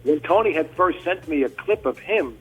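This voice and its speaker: A man's voice: fairly high pitch, expressive, normal speed, fairly bright tone, soft background music, low-quality recording. An American man, a tribute performer, recounting how things came together in an easygoing, conversational way on a radio interview. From United States. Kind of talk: casual interview storytelling.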